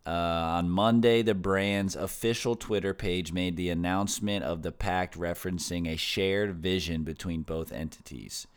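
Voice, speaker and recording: A man hosts a casual podcast, reading headlines aloud before riffing on them in loose slang. His voice sits low and smooth, and he talks at an unhurried, slow pace. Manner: reads news aloud then riffs with slang and swearing. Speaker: podcast host. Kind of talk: casual news chat.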